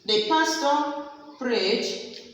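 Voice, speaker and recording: A woman teaching a literature lesson, slowly explaining and repeating each example. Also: high voice, animated, a bit bright. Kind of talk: classroom lecture. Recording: very echoey room, faint background noise.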